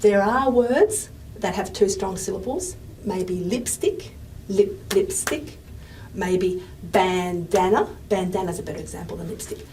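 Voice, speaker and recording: A woman lecturer explaining at a whiteboard in a chatty way, often checking in with "okay?" and filling pauses with "um". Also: mid-range voice, a little mellow. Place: classroom. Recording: voice from a distance with faint room noise.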